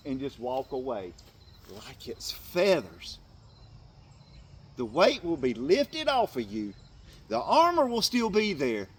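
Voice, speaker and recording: A man giving an impassioned, tearful Christian motivational talk to other men, swinging from hushed tones to loud bursts. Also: mid-range voice, husky. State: tearful at times. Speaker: faith speaker addressing men.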